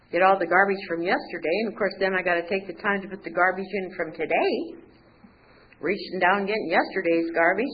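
A woman's voice: lowish voice, husky, lo-fi sound. Woman telling a candid recovery story. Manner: candid storytelling with wry humor, acting out dialogue. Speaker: recovery speaker. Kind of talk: personal testimony talk.

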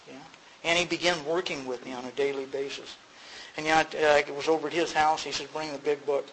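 A middle-aged man tells his story at a recovery meeting in a relaxed, conversational voice pitched a little above the usual. He acts out both sides of the remembered conversations, jumping up in pitch, and laughs at himself. A faint room hum sits underneath. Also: creaky, rough recording. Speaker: speaker sharing at a recovery meeting. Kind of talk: personal testimony to a group.

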